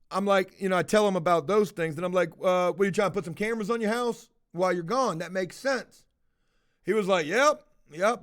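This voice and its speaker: Speaking to his viewers, a man tells a personal story casually and conversationally, swearing and acting out the dialogue with lots of fillers. His voice is high-pitched and a bit bright.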